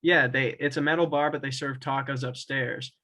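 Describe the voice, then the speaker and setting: A man's voice: medium pitch, fairly even intonation, normal speed, bright, forceful tone, poor audio. A young man co-hosting a casual podcast, telling a rambling story full of swearing, with laughs breaking in. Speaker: podcast co-host. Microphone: own camera and mic at home.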